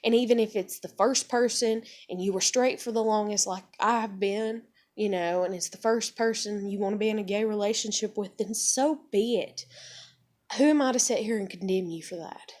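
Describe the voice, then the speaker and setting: A woman's voice: mid-range voice, normal speed, a little mellow. A woman in her thirties ranting angrily in a video blog, swearing a lot and filling her talk with "like". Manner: heavy swearing, filler "like". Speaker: vlogger. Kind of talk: angry opinion rant to camera.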